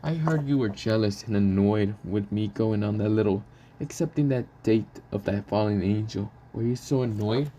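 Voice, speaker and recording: A man voicing a smug young male mad scientist who teases in quick, cocky bursts. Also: on the low side, warm tone, lo-fi sound, a little hiss or hum, close to an everyday voice. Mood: teasing.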